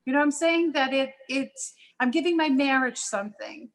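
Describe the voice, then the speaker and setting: A woman with a high voice talks as a guest on a live panel show. She tells stories in an animated way, with quick asides, and she acts out the lines she quotes. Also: low-quality recording. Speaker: guest entrepreneur. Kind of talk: casual panel talk, telling a story.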